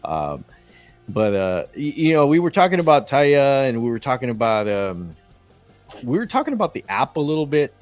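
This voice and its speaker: A man's voice: medium pitch, sing-song, moderate pace, soft background music. A man with a Texas accent co-hosting a casual wrestling chat show, rambling with many fillers and restarts. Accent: Texan. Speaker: co-host.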